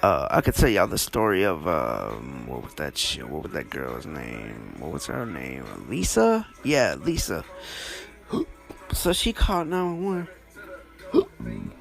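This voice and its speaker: A man telling stories in a casual monologue, blunt and swearing freely, with soft music behind him. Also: huge pitch swings, slow, creaky. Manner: blunt, swears freely, wide swings in pitch. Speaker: storytelling vlogger.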